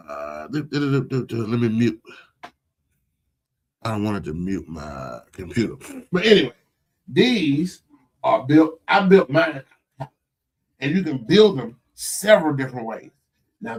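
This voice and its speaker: A man hosting a casual live stream from a home computer setup, talking about side businesses in an animated, incredulous way with lots of restarts. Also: mid-range voice. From Florida. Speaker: host.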